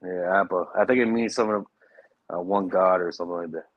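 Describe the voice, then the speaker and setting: A man's voice: deep voice, steady tone, fast talker, no echo, highs cut off. A man in a casual chat, musing aloud and swearing as he rambles.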